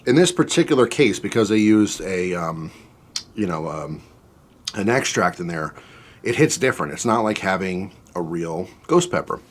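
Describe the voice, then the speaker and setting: With his mouth on fire from the spicy soup, this food reviewer chats through a taste test in a fairly low, animated voice at a moderate pace. He rambles, drifts off topic, and packs his talk with fillers like "um" and "like" plus plenty of asides.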